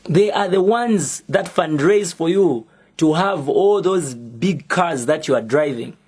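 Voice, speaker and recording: A young Zambian man with a Zambian accent, speaking as an activist in a prepared public statement, slow, deliberate and defiant. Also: fairly high pitch, darkish tone, breathy edge. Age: young adult.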